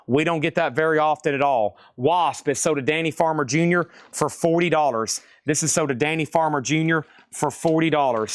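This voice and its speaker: Live-sale host, male, upbeat auctioneer patter, bit high, dry close sound. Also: dry recording. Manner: excitable, jokey, exclamatory. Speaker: live-stream record seller.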